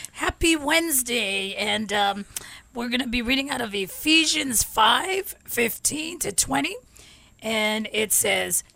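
Woman, soft scripture reading, measured, bright tone, slight vocal fry. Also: high-pitched, no echo. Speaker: scripture reader. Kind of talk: slow Bible reading.

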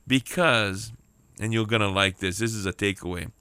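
A man with a lowish, sharp, clean-toned voice preaches a radio sermon at normal speed, animated and emphatic, repeating key lines and calling out for amens. There's no echo.

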